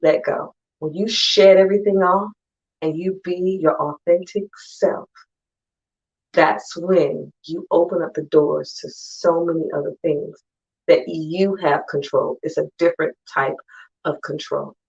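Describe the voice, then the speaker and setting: Low, emphatic woman speaker, conversational motivational talk, dull lo-fi audio. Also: steady tone, gravelly, darkish tone. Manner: conversational and emphatic, acting out friends in quick asides. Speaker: conference speaker. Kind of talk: motivational talk to an online audience.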